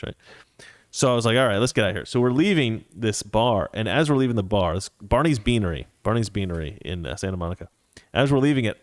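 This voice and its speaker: Animated male podcast host, dry sound. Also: on the low side, no echo. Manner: animated, acts out voices in anecdotes, laughs often. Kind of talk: casual storytelling and reading viewer comments.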